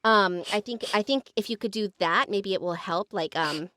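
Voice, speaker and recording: A woman, co-hosting a podcast with enthusiastic quick remarks. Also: mid-range voice, pushed and bright, no echo, clean studio sound. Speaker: podcast co-host. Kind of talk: casual chat.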